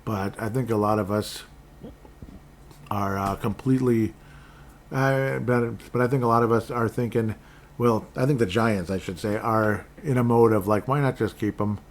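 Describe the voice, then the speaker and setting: A man's voice: fairly low pitch, fairly even intonation, normal speed, a little hiss or hum. A man from Minnesota hosting a sports podcast, rambling casually with sarcastic asides and frequent restarts.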